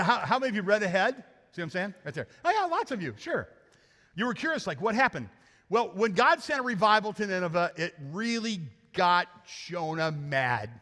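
A pastor preaching a lively sermon to his congregation, joking and acting out the characters as he goes. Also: on the high side. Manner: animated, joking, acts out characters. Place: church sanctuary. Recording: hall reverb.

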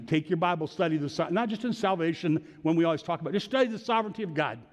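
A man's voice: fairly high pitch, long reverb tail. A man preaching a sermon in an earnest, conversational storytelling way, lifting into emphatic prayer. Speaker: pastor.

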